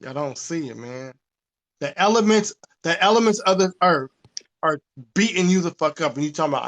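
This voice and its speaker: High voiced guy ranting on a podcast, lots of cussing. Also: fairly quick. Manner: animated, profane, preachy. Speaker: podcast host. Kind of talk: casual rant.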